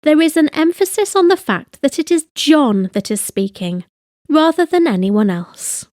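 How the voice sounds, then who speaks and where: Female tutor, scripted lesson narration, high lively voice, slow and precise delivery. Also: no room sound, clean studio sound. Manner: slow, deliberate, carefully enunciated. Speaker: language teacher.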